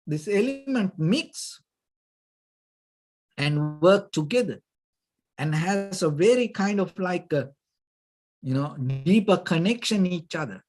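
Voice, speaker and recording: A man, a Buddhist monk, giving a dhamma talk, halting and searching for words, often saying "you know", with gentle, patient explanation. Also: sits high. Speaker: Buddhist monk teaching meditation.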